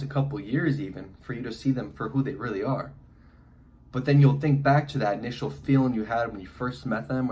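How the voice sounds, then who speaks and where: Young man, stuffy with a head cold, loose advice monologue full of fillers and restarts, mid pitch. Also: a little mellow. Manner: rambling, many fillers and restarts. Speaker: vlogger.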